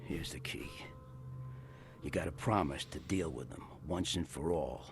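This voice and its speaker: A gravelly, guarded bartender. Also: male voice, extremely low pitch, measured pace, a little hiss or hum, exaggerated voice. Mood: gruff. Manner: guarded and blunt. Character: gruff male bartender, suspicious of strangers.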